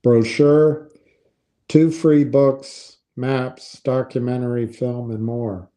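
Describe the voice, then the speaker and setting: Man, unhurried, mellow dark tone, skeptical, thinking aloud. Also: medium pitch, flat delivery. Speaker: commentator on investing. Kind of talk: casual commentary, reading aloud from a website.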